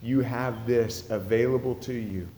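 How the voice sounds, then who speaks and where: A man preaching a sermon with earnest urgency, rising loud and dropping to a hush. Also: mid-range voice, steady tone, a little slow, long reverb tail, slight background noise. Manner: earnest, swings from loud urgency to hushed intensity. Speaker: pastor.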